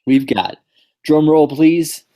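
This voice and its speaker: A man's voice: a little high, fairly even intonation, slow pace, mellow. A man hosting a podcast in casual chat, joking and rambling with fillers and restarts. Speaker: podcast host.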